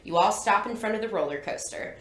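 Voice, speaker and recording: A woman co-hosting a podcast, reading a spooky book aloud to friends in a giggly, animated way. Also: mid-range voice, brisk. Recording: echoey room.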